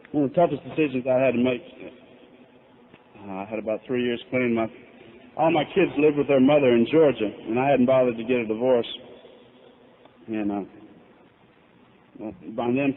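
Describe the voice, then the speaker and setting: Speaking at a normal pace with long pauses, a middle-aged recovery speaker tells his story in a convention hall. His tone is candid and self-mocking, his pitch medium, and the tape has a tinny, lo-fi quality with faint hiss.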